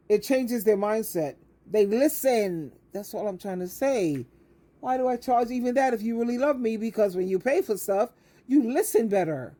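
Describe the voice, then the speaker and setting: With a warm tone and fairly high pitch, an older woman coaching on life gives a direct-to-camera monologue. It's emphatic and preachy, with words repeated for emphasis and the listener called honey.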